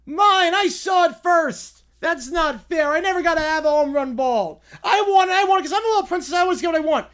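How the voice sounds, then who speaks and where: A man's voice: very high-pitched, brisk, hardly any pauses, a bit bright, voice pushed up. A man voicing whiny, spoiled little kids who demand and complain. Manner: whining, demanding.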